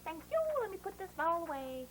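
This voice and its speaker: Female children's teacher, very high pitch, drawn-out phonics sounds, coaxing tone. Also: noisy background.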